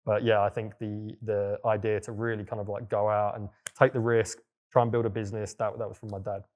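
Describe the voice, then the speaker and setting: A man's voice: lowish voice, level tone, a little fast, darkish tone. A young man telling his story in a casual, loose way, with plenty of fillers and the odd swear word. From England. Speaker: guest entrepreneur. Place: villa in Bali.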